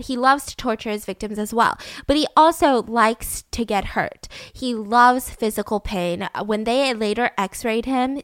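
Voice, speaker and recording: A woman's voice: a little high, a bit bright, clear, resonant tone, no echo, clean studio sound. A woman hosting a casual true-crime podcast, chatty and giggly, acting out quotes as she tells the story. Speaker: podcast host.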